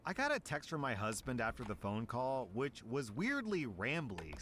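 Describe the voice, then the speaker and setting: A man streamer reading a story aloud and reacting, amused and animated. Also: mid-range voice, slight background noise. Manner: amused, breaks into laughter.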